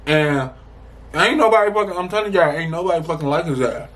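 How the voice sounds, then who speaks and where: A young man from the Chicago area telling a casual storytime to the camera, animated and profane, rambling with many restarts. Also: on the high side, brisk. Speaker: storytime vlogger.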